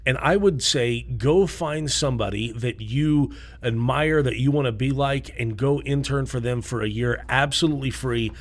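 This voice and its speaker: A man co-hosting a casual podcast chat, laying out advice emphatically. He often pauses to check in with a quick "okay?". His voice sits at an ordinary middle pitch. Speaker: podcast co-host.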